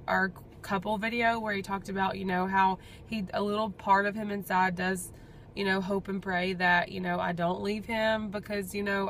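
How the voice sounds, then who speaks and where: Chatty, gravelly-voiced woman vlogging. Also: medium pitch, a little hiss or hum. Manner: chatty, rambling, heartfelt. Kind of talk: casual personal update vlog.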